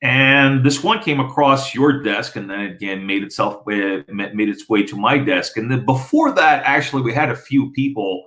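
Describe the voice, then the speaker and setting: A man's voice: medium pitch, normal speed, few pauses, fairly bright tone, low-quality recording. A man from the former Soviet Union whose first language is Russian, telling a story in casual conversation with many fillers and restarts. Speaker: interviewee.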